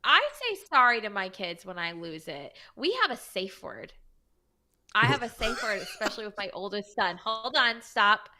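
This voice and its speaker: A woman in her thirties co-hosting a podcast, asking curious questions with quick reactions and laughter. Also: medium pitch, very animated, sharp tone. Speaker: podcast co-host. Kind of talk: casual chat.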